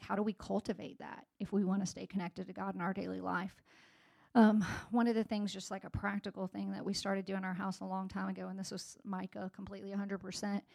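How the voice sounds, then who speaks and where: A woman's voice: medium pitch, creaky, darkish tone. A woman in her forties giving a sermon-style personal talk to a congregation, conversational, with many fillers and restarts. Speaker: speaker at a church gathering.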